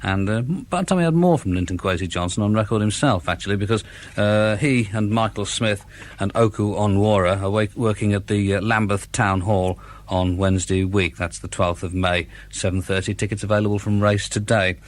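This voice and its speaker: Male radio DJ, 40s, laid-back, dry link reads, slightly low voice, lots of "uh". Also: steady tone. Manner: unhurried, dry delivery with frequent "uh" pauses. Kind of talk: radio show links between records.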